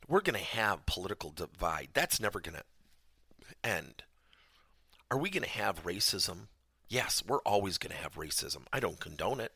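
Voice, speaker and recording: A man with a gravelly, bright-edged voice delivers a podcast lesson. His pitch swings widely as he tells stories, and the sound is dry and close, with a husky grain. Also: no echo. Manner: animated storytelling, acts out dialogue in raised voice. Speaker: podcast host and trainer.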